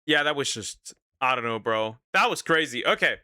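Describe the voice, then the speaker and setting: Bright, lively-voiced male reaction streamer. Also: medium pitch, moderate pace, a little hiss or hum. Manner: laughing, repeating himself, stammering restarts. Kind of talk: casual reaction commentary.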